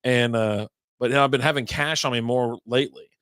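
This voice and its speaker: A man's voice: mid-range voice, steady tone, fairly quick, fairly bright tone, smooth, dry recording, clean studio sound. A middle-aged man co-hosting a casual beer chat, rambling and profane, telling stories and acting out what he said, laughing often. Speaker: co-host of a beer talk stream.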